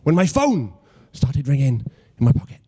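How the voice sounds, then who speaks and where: Stammering young Welsh stand-up comic. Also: male voice, medium pitch, very animated, moderate pace, warm tone, breathy edge. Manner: self-deprecating, stammering restarts, mock-logical. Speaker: stand-up comedian. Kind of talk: stand-up comedy routine.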